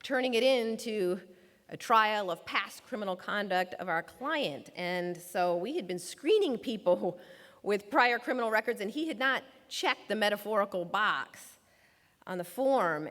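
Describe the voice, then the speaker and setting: A woman's voice: medium pitch, animated, a little slow, fairly bright tone. Woman telling a story in a hall. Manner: storytelling, acts out quoted voices. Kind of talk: prepared public talk. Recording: long reverb of a large hall.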